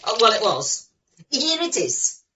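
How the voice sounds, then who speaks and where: A woman's voice: fairly high pitch, very animated, a little slow, bright, forceful tone, far from the mic, exaggerated voice. A woman voicing a cheeky female bog fairy in an amateur radio play, teasing and rhyming. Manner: singsong rhymes, cackling, teasing. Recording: slightly muffled recording with faint noise.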